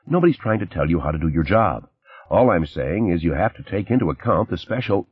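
A man voicing a brisk, guarded woman in her thirties who works as a press secretary. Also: low-pitched, sing-song, breathy edge, full character voice. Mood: guarded urgent. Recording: slightly dull, dry recording.

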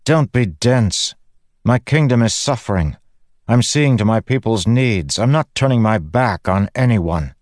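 A defiant queen with a sharp, scornful tongue, her words snapped out high and hard, as a deep-voiced male reader puts her on. The reading is dry and close, with no room sound around it. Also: expressive, measured pace, dry recording. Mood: snappish, scornful.

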